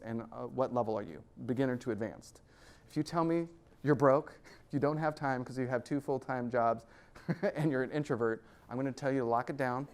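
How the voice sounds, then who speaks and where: A man's voice: medium pitch, clean tone. Joking man giving a talk. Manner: energetic and joking, laughs between points. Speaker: guest speaker at an investor club. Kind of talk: live presentation to an audience.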